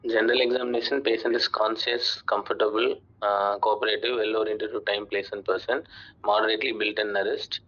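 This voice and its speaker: A man's voice: on the low side, level tone, a little fast, a bit bright. A man presenting a case to his teacher, deferential and hesitant, saying "sir". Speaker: medical student. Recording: dull lo-fi sound.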